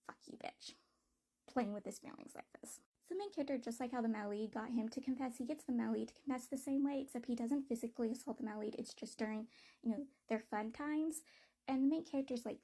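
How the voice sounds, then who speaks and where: A woman's voice: high voice, dark tone, slightly rough. A woman giving a casual book review, talking bluntly and with plenty of swearing and exasperation.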